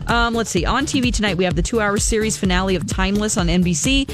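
A woman's voice: medium pitch, quick pace, over music. A woman on a morning radio show reading entertainment news items and chatting about them casually. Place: radio studio.

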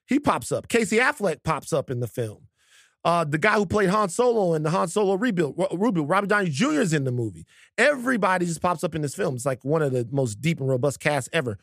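Animated, joking podcast host man. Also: a little high, fast talker, dry recording, studio quality. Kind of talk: casual chat.

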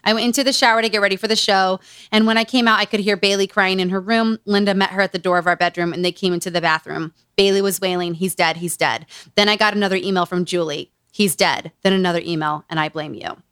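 A woman's voice: mid-range voice, steady tone, quick pace, fairly bright tone, clear, resonant tone, no room sound, studio quality. A woman hosting a casual book-review podcast, reading passages aloud and breaking in with sarcastic asides. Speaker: podcast host.

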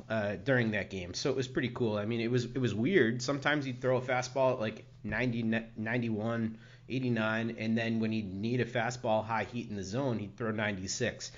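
Man, podcast host, casual chat, rambling, dull lo-fi sound. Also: mid-range voice. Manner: rambling, lots of fillers.

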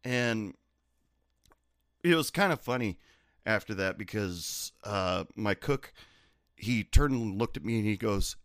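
Male bartender-storyteller, lively swinging pitch, dry close mic, profane and sardonic. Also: normal speed, no echo. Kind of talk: casual storytelling.

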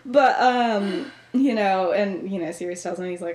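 A woman's voice: mid-range voice, fairly even intonation, a little slow, a little mellow. A young woman hosting a podcast, retelling a story in casual chat and animatedly acting out the characters' lines. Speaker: podcast host. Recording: echoey room.

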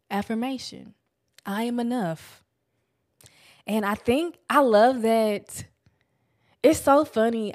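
A young woman, talking casually and candidly about self-help to her viewers, swearing freely and getting animated. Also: mid-range voice. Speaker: vlogger.

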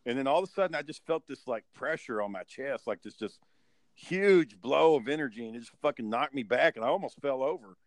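A man with a mid-range voice, talking a little fast in a dry recording, is a guest telling a rowdy story in casual chat. The storytelling is profane and animated, with quotes he acts out.

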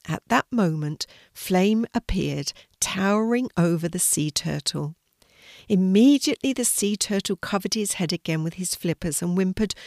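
An older woman reading a children's story aloud in a gentle storytelling manner. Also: mid-range voice, animated, measured pace, gravelly, dry recording, studio quality.

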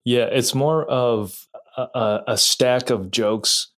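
A man co-hosting a podcast, chatting in a relaxed, dry way about a movie and laughing easily. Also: mid-range voice, takes it slowly. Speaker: podcast co-host. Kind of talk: casual movie chat.

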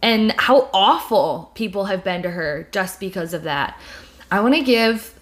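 A young woman talks in a loose, candid way as a podcast host. Her voice sits at a middle pitch, and she fills her talk with restarts and filler words. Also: animated, a little slow. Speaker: video creator and podcast host. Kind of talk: casual chat.

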